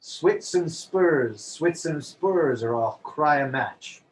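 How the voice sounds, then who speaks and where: A man reading the part of a young nobleman in a quick, bantering exchange of jests, during a cold read over a video call. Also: fairly high pitch, lively intonation, slight background noise, low-quality recording. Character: lovesick young male nobleman trading jests. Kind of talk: cold read of a stage play.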